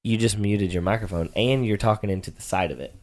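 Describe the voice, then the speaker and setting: A man's voice: on the low side, quick pace, a little mellow. A middle-aged man co-hosting a casual sports-picks podcast, teasing and playfully bossy as a father.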